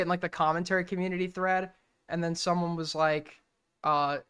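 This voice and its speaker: Young male host, casual reaction commentary, blunt and profane, slightly high, bright and forceful tone. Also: level tone, a little fast, smooth. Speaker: streamer host.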